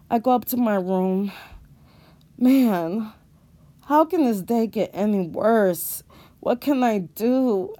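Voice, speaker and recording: A woman's voice: on the high side, a little mellow, no echo. Dramatic woman telling a horror story. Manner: dramatic, exclamatory, casually profane. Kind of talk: first-person horror story narration.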